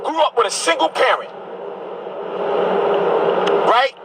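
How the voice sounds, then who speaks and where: A man's voice: extremely high pitch, very animated, slow, creaky, background noise. A man from Brooklyn, a bishop delivering a heated, combative monologue to camera, repeating his phrases as he preaches. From Brooklyn, New York.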